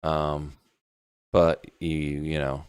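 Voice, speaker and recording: A man's voice: rumbling low, flat delivery, extremely slow, clean tone, no room sound, studio quality. A man co-hosting an online talk show in a laid-back, rambling, mocking way. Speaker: co-host. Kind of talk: casual chat.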